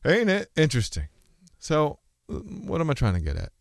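A man's voice: on the high side, huge pitch swings, moderate pace, gravelly, dry recording, studio quality. A man talking in a casual, rambling monologue to camera, musing aloud and often breaking off mid-thought to restart. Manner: rambling, musing, self-interrupting; switches between speech registers.

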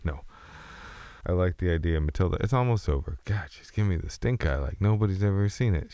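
A man's voice: sits low, lively intonation, fast talker, dark tone, no room sound. A man doing a loose, silly comedic freestyle rap and casual chat, full of goofy wordplay. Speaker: comedic rapper.

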